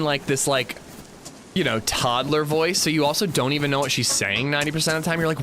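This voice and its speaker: A man's voice: fairly high pitch, brisk, pushed and bright, slight background noise. A man in his thirties chatting casually on a game livestream, greeting viewers and joking between gameplay remarks. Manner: chatty, greets chat by name, jokey. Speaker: game streamer.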